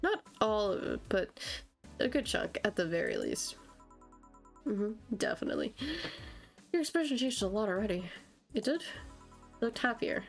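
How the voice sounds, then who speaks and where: A woman reads out a relaxed woman who runs a bar in a game, encouraging her worker. Soft music plays behind the plain voice. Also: medium pitch, moderate pace, vocal fry, long pauses.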